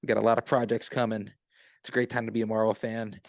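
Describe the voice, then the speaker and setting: A man's voice: fairly low pitch, level tone, quick pace, vocal fry, no echo. A man co-hosting a podcast in casual chat, laid-back and upbeat. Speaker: podcast co-host.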